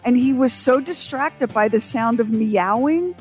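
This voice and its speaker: Female radio co-host, chatty storyteller, light high voice. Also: unhurried, darkish tone, soft background music. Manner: storytelling, reads sponsor copy. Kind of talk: casual radio banter.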